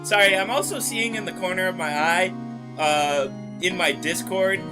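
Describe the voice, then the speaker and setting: A game streamer doing live let's-play commentary, laughing often and bursting out with loud jokes and reactions. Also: mid-range voice, moderate pace, music in the background. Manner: laughing, loud joking outbursts.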